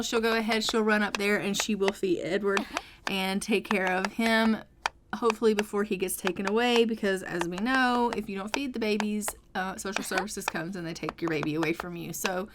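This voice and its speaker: A woman's voice: medium pitch, slight background noise. A woman casually narrating her gameplay in a chatty, rambling way with frequent ums. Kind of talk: casual let's-play narration.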